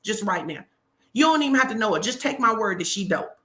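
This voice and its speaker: A woman hosting a live stream, giving a motivational talk with energetic, emphatic encouragement. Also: on the high side, fast talker.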